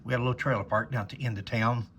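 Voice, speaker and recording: A man's voice: mid-range voice, steady tone, very fast, fairly bright tone, slightly rough. A man, a former police officer, telling a rambling, folksy story in casual conversation to camera.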